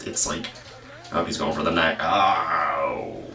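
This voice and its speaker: Deep-voiced rambling male commentator. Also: completely flat delivery, normal speed, sharp tone, distant mic. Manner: meandering, profane, self-interrupting. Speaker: true-crime commentary host. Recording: echoey room, voice off-mic.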